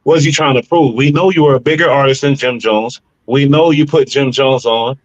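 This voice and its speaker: A man's voice: mid-range voice, steady tone, no room sound, muffled recording. A man co-hosting a podcast, cutting into a clip with blunt, mocking commentary. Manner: pauses a clip to jump in with blunt, mocking remarks. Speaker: podcast co-host.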